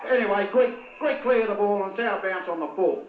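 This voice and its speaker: An Australian man delivers excitable, one-sided commentary on a local football match, shouting to players by name. His high voice moves fairly quickly, and the audio is roomy, narrow, and tinny.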